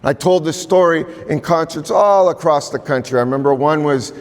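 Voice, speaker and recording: A man from the Pacific Northwest telling a story to a live audience in an unhurried, conversational way, with repeated names and pauses. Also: on the high side. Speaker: storyteller and violinist. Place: large museum hall. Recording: long reverb in a large hall.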